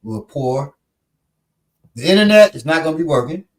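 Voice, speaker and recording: A man's voice: a little high, lively intonation, normal speed, distant mic. A man hosting a casual quiz chat, telling stories and laughing often. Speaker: podcast instructor.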